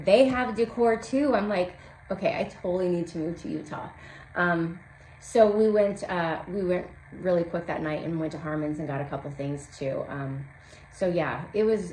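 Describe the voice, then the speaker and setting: A woman's voice: lowish voice, a little mellow. A woman in her forties chatting casually and cheerfully as a craft vlog host, with plenty of ums. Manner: chatty, upbeat, many fillers. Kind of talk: casual chat. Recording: roomy echo, faint background hum.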